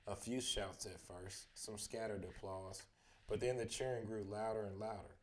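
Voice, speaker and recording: Man narrating a bedtime story; lowish, steady, expressive. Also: normal speed, slight background noise. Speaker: storybook reader.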